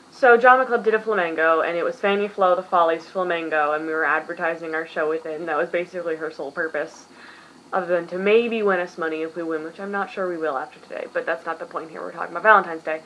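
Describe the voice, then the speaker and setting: A woman's voice: fairly low pitch, fast, a bit bright, a little hiss or hum, low-quality recording. A tired young woman in her late teens from the US, rambling self-deprecatingly through a casual vlog as its host. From United States.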